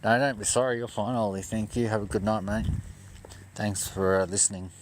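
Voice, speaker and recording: A man's voice: on the low side, brisk, background noise. A young man telling a story casually and with plenty of swearing on a livestream from his parked car. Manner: profane, animated storyteller.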